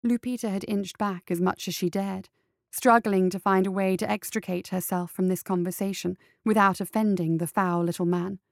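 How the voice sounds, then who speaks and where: Woman narrator, low and gravelly, steady storybook reading, close dry sound. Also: moderate pace, no room sound. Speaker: audiobook narrator. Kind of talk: scripted narration.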